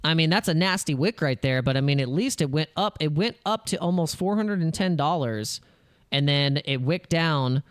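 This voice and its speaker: A man hosting a crypto channel, talking over charts in casual, excitable commentary and acting out panicky investor voices. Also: fairly high pitch, normal speed, smooth, no echo, studio quality.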